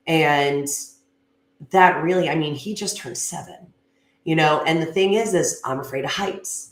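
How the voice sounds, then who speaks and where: A woman giving an earnest, conversational motivational talk at a gym, with frequent fillers like "you know" and "um.". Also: sits low. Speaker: gym speaker. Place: gym class space. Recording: echoey room.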